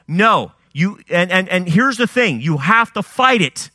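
A man's voice: sits high, lively intonation, measured pace, pushed and bright, dry recording, studio quality. A man preaching a sermon, firing off rhetorical questions and swinging his emphasis up and down. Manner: fiery rhetorical questions, rising and dropping emphasis.

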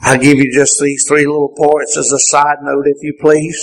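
An older man preaching a sermon, an impassioned delivery that climbs to shouts and then drops low. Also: flat delivery, moderate pace, poor audio.

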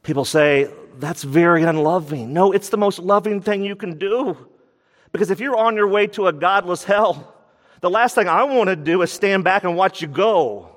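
A man preaching a sermon as pastor, animated and laughing as he acts out the people he quotes. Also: sits high, moderate pace. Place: church sanctuary. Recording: church hall reverb.

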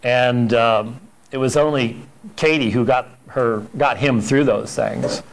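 A man's voice: mid-range voice, steady tone, slow, gravelly, slight background noise. A man teaching a Sunday school church history class in an emphatic, conversational way, often repeating words.

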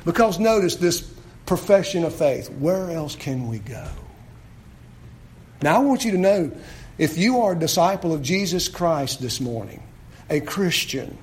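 A male pastor preaching a sermon, swinging between shouted questions and hushed pleading. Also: fairly high pitch.

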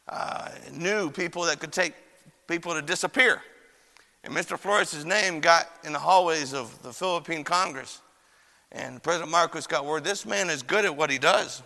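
A young male preacher with a bright, forceful voice, spinning folksy stories with lots of uhs. His voice carries a gravelly edge and rings with long reverb, the way a chapel sounds. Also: a little high, moderate pace. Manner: folksy storyteller with many fillers and quoted voices. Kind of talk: sermon with storytelling. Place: church chapel.

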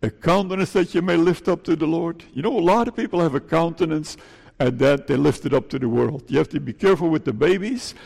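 A man's voice: a little high, vocal fry, a little mellow. A male pastor with a Dutch accent, preaching a pleading sermon in church, repeating his phrases and adding "eh?" asides. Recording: long church reverb.

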